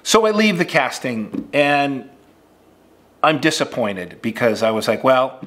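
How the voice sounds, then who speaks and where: A man who is an acting coach, telling an audition story in a relaxed, conversational way with plenty of fillers. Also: medium pitch, unhurried. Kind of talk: casual instructional storytelling.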